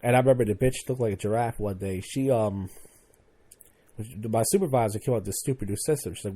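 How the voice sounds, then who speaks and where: A man's voice: medium pitch, fast talker, warm tone, husky. A young man hosting a podcast, ranting casually and profanely about his old job and acting out his coworkers. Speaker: podcast host. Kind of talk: casual monologue.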